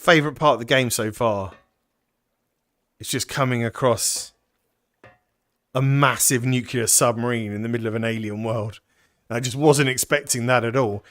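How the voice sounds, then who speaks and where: A man hosting a VR puzzle game playthrough, chatting excitedly to viewers as he explores. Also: medium pitch, normal speed, long pauses. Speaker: gaming channel host.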